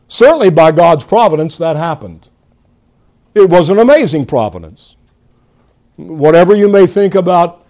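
High-voiced man preaching a sermon. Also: lo-fi sound. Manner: emphatic preaching, punching single words, slowing for weight. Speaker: pastor. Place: church.

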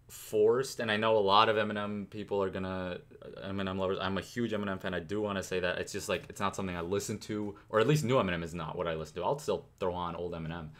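A young man with a low voice hosts a rap reaction video. He rambles loosely, full of "um" and "like", and speeds up whenever he gets excited about the rhymes. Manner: rambling, enthusiastic, many fillers. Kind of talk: casual music reaction commentary.

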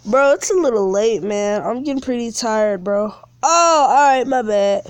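Slangy, slow-talking woman streamer. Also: on the high side, expressive, clear, resonant tone, no echo. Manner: slangy, calls viewers bro and man; whiny complaints about lag. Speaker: live streamer. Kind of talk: casual game streaming chat.

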